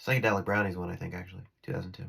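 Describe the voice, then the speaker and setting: Rambling gravelly-voiced man vlogging. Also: low voice, little pitch movement, racing, a bit bright. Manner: rambling, giggly, restarts often, drifts between topics. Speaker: spiritual vlogger. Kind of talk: rambling monologue to camera. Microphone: phone camera.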